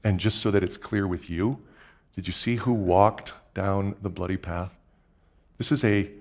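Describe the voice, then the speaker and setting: Preaching in a mid-range voice, a male pastor moves between quiet, slow phrases and loud, excited eruptions during his sermon, repeating words to stress his points.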